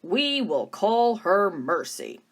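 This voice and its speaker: Lady doing a mild confused old husband from a storybook, slow and gentle. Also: mid-range voice, very animated, heavily acted. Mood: puzzled. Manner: puzzled, mild, measured. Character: bewildered, kindly old man, husband.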